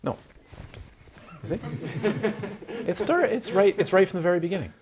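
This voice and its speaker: A Dharma teacher gives a talk to students in a high-sitting voice at normal speed, with a crowd audible in the background. He's animated, full of rhetorical questions and playful asides, and even acts out crying babies.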